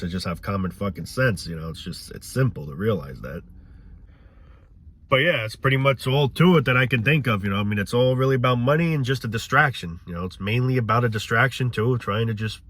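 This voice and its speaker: Cynical ranting man, low voice. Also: animated, a little fast, a bit bright. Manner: cynical, rambling, profane. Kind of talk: casual ranting monologue.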